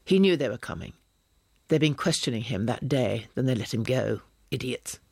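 A man's voice: medium pitch, lively intonation, moderate pace, vocal fry, husky, no room sound, studio quality. A man reading an audiobook, voicing a cold, sly secret police officer who speaks clipped and smug. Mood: grudging.

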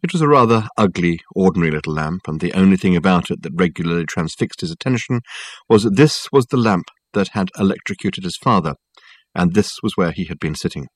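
A man's voice: deep voice, expressive, fairly quick, husky, dry recording. Man reading a novel aloud, dry and close. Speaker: audiobook reader. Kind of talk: scripted narration.

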